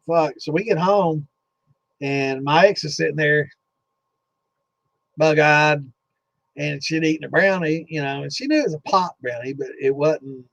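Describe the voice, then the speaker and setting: A man's voice: a little high, vocal fry. A man hosting a distilling Q&A chat, telling a rambling story full of cursing and fillers, with a slightly dull lo-fi sound. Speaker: host of a distilling Q&A livestream.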